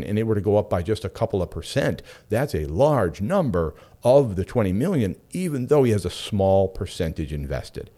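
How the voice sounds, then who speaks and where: A middle-aged man hosts a talk radio show with a low voice that swings widely and expressively as he talks. He chats freely, drifts into side stories and asides, then comes back to his point. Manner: animated, chatty storyteller with frequent asides. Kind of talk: casual talk radio monologue.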